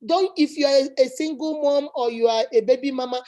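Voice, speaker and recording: High-voiced woman giving emphatic advice. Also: fairly quick, warm tone. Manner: preachy, emphatic, repeats points. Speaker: channel host. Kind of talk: advice chat.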